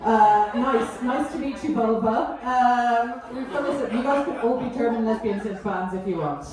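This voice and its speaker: A woman's voice: fairly high pitch, normal speed, darkish tone. A woman with an Essex accent doing stand-up crowd work on a club stage, cheeky and teasing the audience. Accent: Essex English. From England. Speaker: stand-up comedian. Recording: echoey room, mic heard from far. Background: audience laughter.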